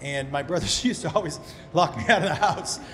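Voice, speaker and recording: A man's voice: on the high side, lively intonation, a little fast, bright, forceful tone, a little hiss or hum. A man from Massachusetts doing stand-up crowd work, rambling through loose, profane stories on a comedy club stage into a handheld mic. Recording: live club recording with long reverb and crowd ambience.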